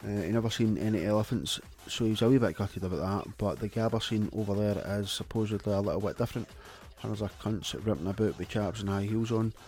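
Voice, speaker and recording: Deadpan sweary Scottish DJ. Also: male voice, on the low side, fast talker, few pauses, faint music behind. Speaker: radio show host. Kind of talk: comic radio DJ patter.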